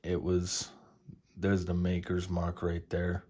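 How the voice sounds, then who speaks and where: A young man casually showing his knife collection, relaxed and enthusiastic, with lots of fillers. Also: low-pitched, slow pace. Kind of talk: casual show-and-tell.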